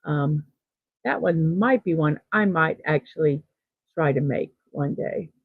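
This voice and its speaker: A woman's voice: sits low, expressive, measured pace, gravelly, breathy edge, no room sound. A woman hosting a daily morning livestream, chatting casually and reading out viewer comments, upbeat and full of fillers. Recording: tinny phone-like sound, dry.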